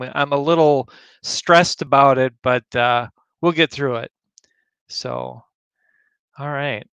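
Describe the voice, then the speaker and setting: A man hosting a community news livestream, rambling casually as he clicks through a website and greets viewers by name, a bit choked up and clearing his throat. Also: fairly high pitch, fairly bright tone, no room sound. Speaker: livestream host.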